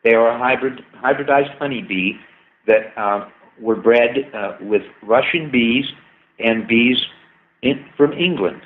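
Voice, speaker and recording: A man's voice: mid-range voice, unhurried. A man, a guest scientist, talking at length and with enthusiasm in a casual interview. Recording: tinny phone-like line.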